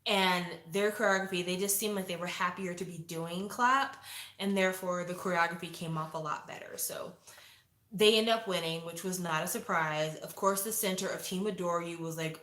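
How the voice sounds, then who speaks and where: Woman, 40s, chatty opinionated host, bright tense tone, echoey room. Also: lowish voice, steady tone, moderate pace. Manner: chatty and opinionated, acts out quotes. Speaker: show reviewer and host. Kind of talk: casual chat to viewers.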